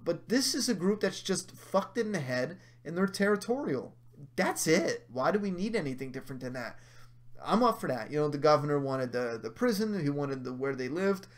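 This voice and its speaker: A man hosting a casual livestream, his voice sitting a touch high for a man. He swears freely and works himself up into heated rants full of mocking asides, then answers viewer chat in an easy, offhand way. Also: big pitch swings, moderate pace.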